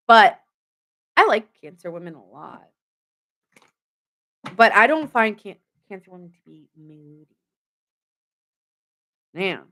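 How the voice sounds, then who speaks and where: A young woman gives a casual live tarot reading in a mid-range, slightly bright voice. She rambles, laughs a lot and chats with her viewers.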